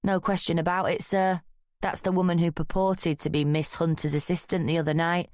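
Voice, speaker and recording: A woman's voice: lowish voice, flat delivery, fairly quick, a little mellow, dry recording, studio quality, lightly acted. A woman voicing a dutiful male custody sergeant who speaks in a clipped, formal way.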